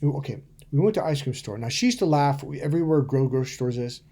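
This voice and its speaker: Talking casually to camera, a middle-aged man who works as a dating coach gets blunt and profane, spinning stories and performing the quotes. The voice is mellow and medium in pitch, and he speaks quickly.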